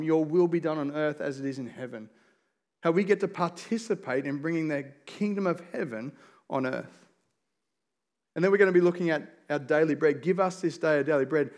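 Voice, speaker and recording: A pastor, a man in his forties, preaching a sermon in an earnest, storytelling way, dropping softly into prayer. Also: on the high side.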